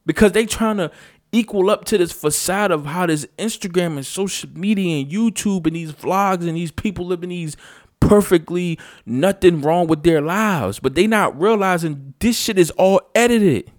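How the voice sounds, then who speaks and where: In a casual, unscripted vlog rant, a man with a high voice speaks at a normal speed, blunt and profane, hammering his points home again and again. The recording is studio quality with no room sound.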